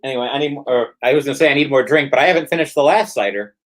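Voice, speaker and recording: A man's voice: medium pitch, rapid-fire, a bit bright. A man hosting a casual livestream chat while drinking, rambling with stammered restarts. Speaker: stream host.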